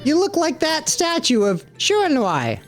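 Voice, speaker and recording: Man playing a tiny cocky bug guy, brash, bragging, raised animated voice, faint game music. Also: extremely high pitch, a little slow, pitched above the performer's own voice, exaggerated voice. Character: tiny boastful male bug, cocky wandering artist.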